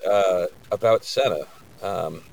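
A man's voice: low voice, slow, vocal fry, poor audio. A man co-hosting a podcast in casual chat, laid-back and wry. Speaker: podcast co-host.

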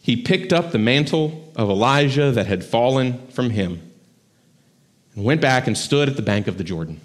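A man's voice: medium pitch, animated, moderate pace. A man giving a church sermon in a conversational style, often checking in with "right?". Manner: conversational preaching with frequent "right?". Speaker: pastor. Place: church sanctuary.

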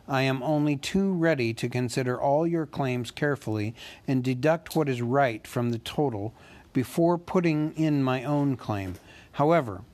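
A man voicing a fussy, polite male hobbit who talks in a businesslike way and squeaks when nervous. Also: a little mellow, close to an everyday voice.

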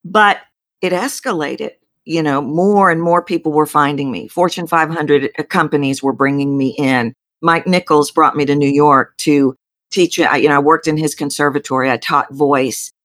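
A middle-aged woman with a Texan accent, a voice coach explaining her work in an interview with emphatic, animated delivery. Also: deep voice, moderate pace, dry recording, studio quality. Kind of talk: interview storytelling.

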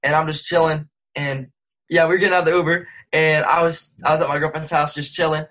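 A man's voice: a little high, level tone, fast talker, a bit bright, poor audio. A young man, a rapper and interview guest, telling a rambling casual story full of slang and self-corrections. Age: young adult.

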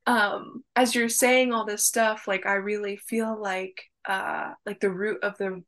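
A woman hosting a spiritual podcast, talking in a casual, animated way with many fillers and quick laughs. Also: medium pitch. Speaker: podcast host and reverend.

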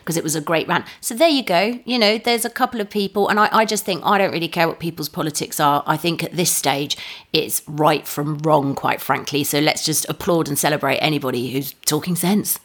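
A woman's voice: low-pitched, fairly quick. A woman co-hosting a podcast, chatting sarcastically and reading out tweets. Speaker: podcast co-host. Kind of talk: casual chat, reading out tweets.

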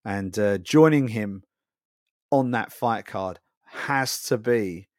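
Low-voiced man hosting a fight recap. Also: takes it slowly, a little mellow, no echo, clean studio sound. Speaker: podcast host. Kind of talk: recap show narration.

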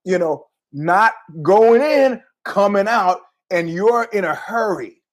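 A man's voice: high voice, expressive, slow pace. A middle-aged man hosting a podcast, telling rambling, jokey stories in a casual monologue with asides. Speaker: podcast host.

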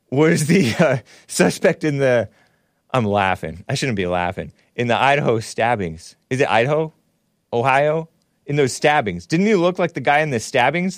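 A man's voice: mid-range voice, no room sound, clean studio sound. A man hosting a call-in talk show, rambling and laughing as he reads comments and takes calls. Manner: rambling, laughs often, restarts mid-sentence.

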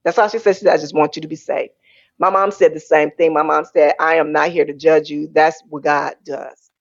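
A woman's voice: brisk, creaky, no room sound. Woman guest spilling her story, acts out family voices, dry lo-fi sound. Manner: animated, acts out quoted family voices in a high pitch. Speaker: interview guest. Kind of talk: candid storytelling.

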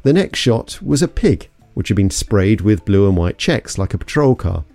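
A man's voice: lowish voice, very animated, moderate pace, gravelly, dark tone, no echo, soft background music. A man from London narrating an investigative story in a suspenseful, scripted way. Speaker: podcast narrator.

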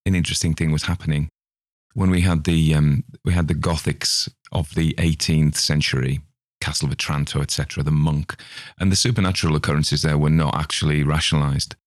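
Deep-voiced Australian man musing casually. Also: fairly even intonation, a little fast, no room sound, clean studio sound. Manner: rambling, chatty, self-mocking asides. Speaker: podcast host. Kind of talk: casual spoken commentary on a ghost story.

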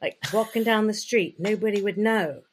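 An intimacy coach appears as an interview guest, recounting personal stories in a frank, talkative style with lots of "like" and "you know." She speaks at medium pitch and a moderate pace, with slight background noise.

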